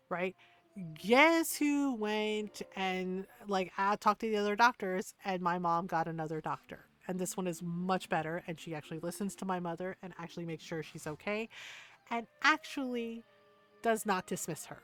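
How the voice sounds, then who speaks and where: A woman's voice: fairly low pitch, normal speed, fairly bright tone. A woman streamer chatting casually while gaming, retelling stories with lots of quoted back-and-forth and frequent tag questions. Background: faint background music.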